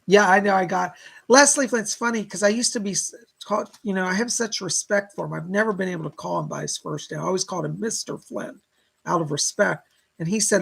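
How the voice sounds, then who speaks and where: A man giving a live-streamed psychic reading in a bright, tense voice with a gravelly edge. He talks chattily, thanking viewers and passing on messages with endless "she said" asides. His tone is somewhat husky. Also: high-pitched, brisk. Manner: chatty, relays spirit messages with constant "she said"; warm thanks to viewers for donations.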